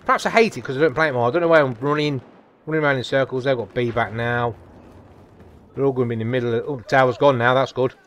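Excitable man commentating gameplay. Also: mid-range voice, fast. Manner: chatty, excitable, repeats come on and whoa. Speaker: gaming channel host. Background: faint game gunfire.

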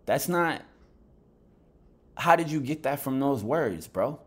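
An adult man, freshly woken and low on energy, rants bluntly and heatedly about boxing in a vlog, with plenty of profanity. He speaks slowly and expressively in a mid-range voice that's slightly rough.

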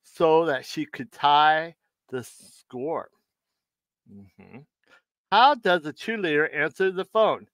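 Man, live stream host, corny jokes, stumbles over words, slow delivery, dry sound. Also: a little high, a bit bright, no room sound. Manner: tells corny jokes, stumbles and restarts, laughs at own jokes. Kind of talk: casual joke telling.

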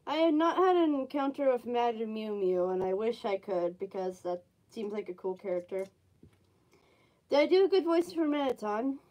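A woman's voice: on the high side, sing-song, moderate pace, a little mellow, rough recording. A woman streaming a game, chatting casually and teasing with her viewers. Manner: giggly, teasing chat. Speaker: gaming streamer. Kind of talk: casual gameplay commentary.

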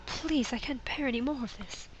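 A woman reading a game's lines as a tortured, starving male prisoner in a hushed, pleading whisper. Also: high voice, moderate pace, slight background noise, pitched above the performer's own voice, close to an everyday voice, poor audio.

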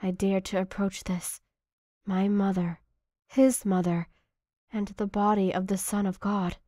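A woman reading a first-person devotional meditation in a hushed, tearful, emotional way. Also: medium pitch, steady tone, unhurried, no room sound, clean studio sound. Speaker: narrator.

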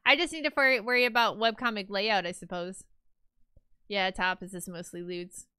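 A woman's voice: medium pitch, steady tone, moderate pace, bright, forceful tone, smooth, no echo, studio quality. A young woman streamer in casual chat with her viewers, rambling and chatty with lots of fillers.

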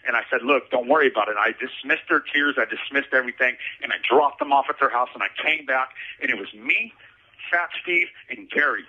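Man, husky voice, mid pitch, casual slangy storytelling, repeats lines for emphasis, dull lo-fi recording. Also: fairly quick, sharp tone. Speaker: storyteller recounting his past.

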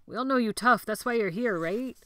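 A woman's voice: fairly high pitch, a little fast, bright, forceful tone, no room sound, pitched above the performer's own voice. Give me a cocky joking teen boy, as a woman puts him on in a storybook reading. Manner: teasing, casual slang.

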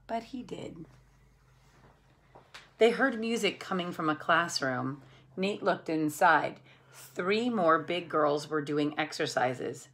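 A woman reads a children's picture book aloud in a warm, slightly low voice. She takes her time, and her pitch swings widely as she tells the story. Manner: expressive, unhurried storytelling with voiced characters. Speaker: storybook reader.

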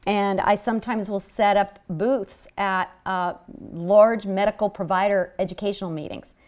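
Woman, seminar speaker, earnest storytelling, halting restarts, lecture hall. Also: mid-range voice, steady tone, a little mellow. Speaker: public health seminar speaker.

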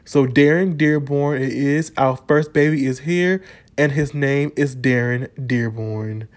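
A man's voice: mid-range voice, measured pace. A man casually narrating life-simulation gameplay in a chatty, storytelling manner. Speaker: gaming channel host.

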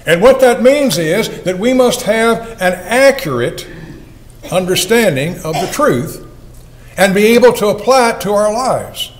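A man's voice: high voice, lively intonation, a little slow, a little hiss or hum, poor audio. An older man, an evangelist, preaching a sermon in an earnest, folksy way and asking his listeners questions.

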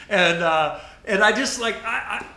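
A man hosting a podcast in casual chat, telling animated stories and mimicking the people he quotes. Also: high-pitched, very slow. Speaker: podcast host. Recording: echoey room.

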